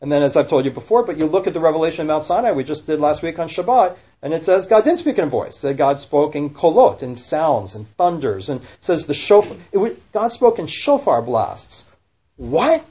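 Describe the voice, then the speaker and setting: In a casual podcast discussion, a rabbi speaks with a warm, sing-song, somewhat high voice, going a little fast with hardly any pauses. He's animated, firing off rhetorical questions and correcting himself mid-sentence, all on a dull lo-fi recording.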